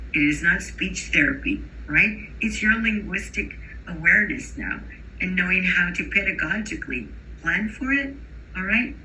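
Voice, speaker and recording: A woman instructor gives a recorded lecture with a very bright, sharp voice. She demonstrates each sound aloud and keeps checking in with her listeners. A faint hiss sits under her speech. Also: on the low side, low-quality recording. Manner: explicit, models sounds and checks in with rhetorical questions. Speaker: instructor for teachers of bilingual children.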